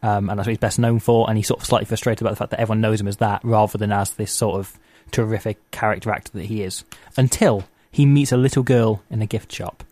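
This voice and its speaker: A man's voice: fairly low pitch, fairly even intonation, fast talker, few pauses, a little mellow, no room sound. Chatty male podcast host. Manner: rambling, laughing, filler-heavy. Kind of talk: casual comedy chat.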